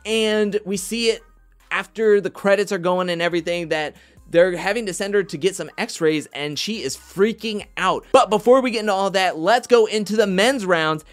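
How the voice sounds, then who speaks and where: A man hosting a casual recap of a reality competition show, chatty and animated, often quoting others in mock voices. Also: high voice, normal speed, faint music behind.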